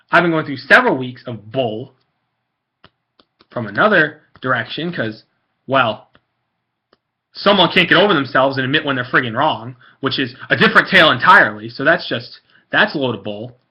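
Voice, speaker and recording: A man's voice: mid-range voice, big pitch swings, brisk, breathy edge, muffled recording. Angry, blunt man ranting. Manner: angry, blunt, repetitive, swearing. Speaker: card-collecting vlogger. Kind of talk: ranting monologue to camera.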